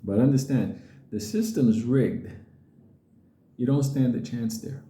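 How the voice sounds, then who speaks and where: A middle-aged man talks straight to his viewers in a blunt, swearing rant and slips into quick impressions of other people. His voice is very dark and mellow, and it bounces around an echoey room. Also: mid-range voice. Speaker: crypto video host. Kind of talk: casual profane rant to viewers.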